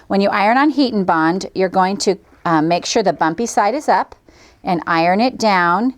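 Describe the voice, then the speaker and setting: Animated and mid-range, her voice moves at a moderate pace as she leads a quilting tutorial. The middle-aged host keeps up cheerful, folksy chatter while showing each step of the craft.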